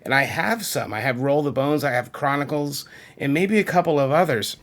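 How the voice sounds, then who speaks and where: A man's voice: on the high side, animated, moderate pace, fairly bright tone. A man, rambling enthusiastically and a little self-deprecatingly as he shows off his music collection on video. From Massachusetts. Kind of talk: casual chat showing a CD collection.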